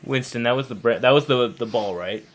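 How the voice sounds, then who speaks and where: A man co-hosting a comedy podcast, bantering in a playful, excitable way. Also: medium pitch, a little fast, a crowd in the background. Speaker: podcast co-host.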